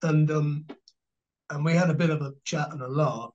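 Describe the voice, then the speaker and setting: Older English man telling lively anecdotes. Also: fairly high pitch, moderate pace. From England. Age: 60s. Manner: animated storyteller, laughing, mimicking others. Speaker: guest actor. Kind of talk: casual anecdotal interview. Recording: dull lo-fi recording.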